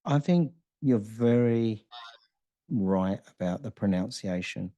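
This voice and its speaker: A man's voice: on the low side, expressive, slow pace, mellow, no room sound. A man hosting a podcast interview, chatting casually and telling personal anecdotes. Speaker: podcast host.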